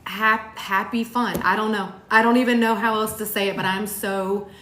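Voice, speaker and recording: A woman's voice: medium pitch, fairly even intonation, moderate pace, bright, forceful tone, slight background noise. A woman co-hosting a motivational talk, speaking with heartfelt emphasis, repeating herself for weight and swearing casually. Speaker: co-host of a motivational talk show. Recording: echoey room.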